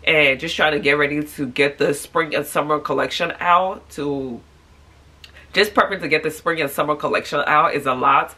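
A woman in her thirties with a stuffy, congested nose, chatting casually to camera from bed in a tired, low-energy way. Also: moderate pace, pushed and bright. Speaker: vlogger. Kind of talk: casual morning vlog talk to camera. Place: at home in bed.

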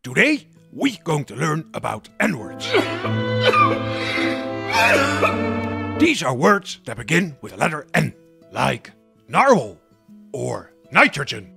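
An earnest cartoon teacher lectures in a gravelly, sing-song voice. His pitch swings wildly from phrase to phrase over faint background music. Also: huge pitch swings, a little slow, exaggerated voice. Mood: lecturing.

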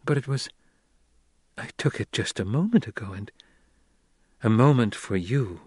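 A man's voice: medium pitch, expressive, a little slow, darkish tone, breathy edge, no echo, studio quality. A man reading the lines of a proud noble mother who speaks bitterly and sharply. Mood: anxious.

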